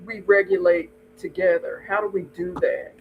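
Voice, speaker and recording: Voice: mid-range voice, fairly even intonation, normal speed, phone-quality sound, slight background noise. A podcast host guiding the conversation and asking a guest to explain tools. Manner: prompting, asks guest questions.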